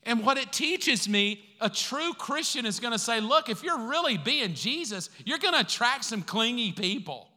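High-voiced pastor in a reverberant hall. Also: male voice, big pitch swings, normal speed, hardly any pauses, sharp tone. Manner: conversational, acts out quoted voices. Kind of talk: sermon.

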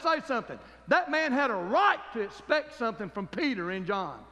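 A man's voice: extremely high pitch, very animated, moderate pace, pushed and bright, in a large hall. A man preaching a fervent sermon as pastor, calling for amens from the congregation.

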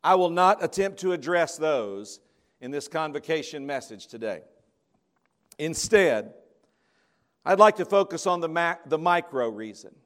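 A man preaching a convocation sermon, emphatic, swinging between soft, drawn-out words and louder stressed phrases. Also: on the high side, animated. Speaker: preacher giving a convocation message.

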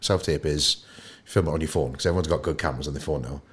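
A young Welsh man chatting as a podcast guest, telling stories in an animated way and acting out the voices of people he quotes. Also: extremely low pitch, quick pace, husky. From Wales. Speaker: guest actor. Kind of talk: casual podcast storytelling.

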